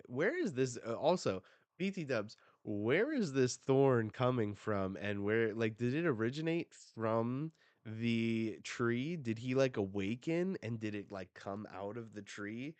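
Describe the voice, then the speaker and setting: Male reaction host, casual and swearing, unhurried delivery, clean close sound. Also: fairly low pitch, no echo. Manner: excitable, swears a lot, casual slang. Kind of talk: live reading and reaction commentary.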